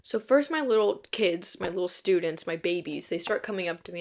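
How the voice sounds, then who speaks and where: A woman's voice: on the low side, fairly quick, hardly any pauses. A young woman telling funny stories in a casual, self-mocking podcast chat, sometimes dropping to a whisper. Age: young adult. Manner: chatty, self-mocking, animated storytelling with frequent laughs and dropped whispers. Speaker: podcast host.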